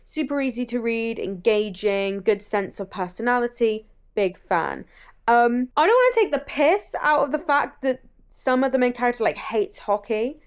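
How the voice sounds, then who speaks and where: A woman talks casually in a vlog, chatty and enthusiastic, with the odd swear word. Her voice sits somewhat high and sounds smooth and clear. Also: expressive, moderate pace. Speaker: book vlogger.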